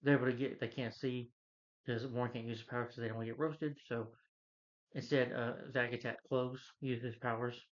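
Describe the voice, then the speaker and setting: A man's voice: medium pitch, little pitch movement, a little fast. A man casually retelling a movie plot in a loose, rambling way, filling gaps with "you know" and "he's like". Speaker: film reviewer. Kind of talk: casual spoken movie recap. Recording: slightly dull lo-fi recording.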